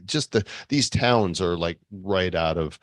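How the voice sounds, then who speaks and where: Deep-voiced man co-hosting a podcast. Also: measured pace, dry recording, clean studio sound. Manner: relaxed storytelling with fillers. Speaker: podcast co-host. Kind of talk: casual podcast chat.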